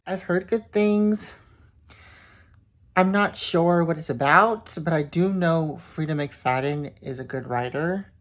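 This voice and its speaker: A woman's voice: deep voice, slow. A young woman chatting casually on her reading vlog, indignant and swearing, often repeating herself. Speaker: book vlogger.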